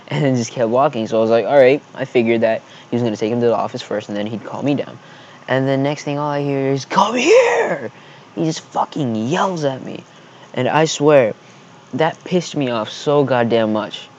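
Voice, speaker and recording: A man in a storytime vlog, his voice sitting at an ordinary middle pitch. He rambles heatedly and swears constantly. The recording sounds a little dull and muffled. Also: darkish tone, slight background noise. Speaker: vlogger.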